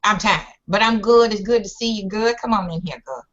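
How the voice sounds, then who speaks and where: A woman's voice: mid-range voice, fairly quick, fairly bright tone, highs cut off. A woman co-hosting a casual online chat show, sassy and teasing, speaking over a voice call.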